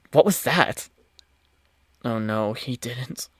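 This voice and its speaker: A man hosting a let's play, reading the story aloud and reacting with excitable, swearing commentary. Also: medium pitch, slightly rough, no echo, studio quality. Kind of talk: game commentary with read-aloud narration.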